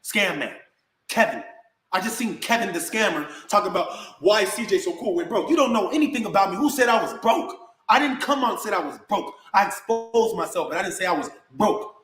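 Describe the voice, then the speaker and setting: A man's voice: sits high, animated, a little fast, a bit bright, reverberant, faint music behind, rough recording. A man delivering a heated, confrontational rant straight to camera, full of slang. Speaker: online personality.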